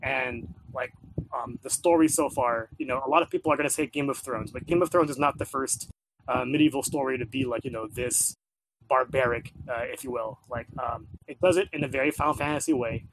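A man talks casually about a video game he's been playing, rambling with lots of fillers and repeating himself as he restarts sentences. His middle-pitched voice is fairly bright and a little fast, and the poor audio carries a faint background hiss.

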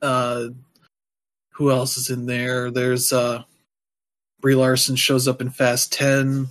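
A man's voice: medium pitch, monotone, slow, fairly bright tone. A man chatting casually as a podcast co-host, rambling loosely with lots of fillers and dropping wry, offhand asides. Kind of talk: casual chat.

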